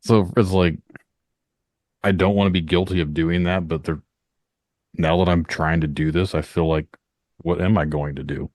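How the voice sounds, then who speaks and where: A man's voice: sits low, fairly even intonation, normal speed, pauses often, darkish tone, no room sound, clean studio sound. A man from Northern Indiana, hosting a podcast in a rambling, talkative way. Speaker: podcast host. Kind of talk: casual podcast chat.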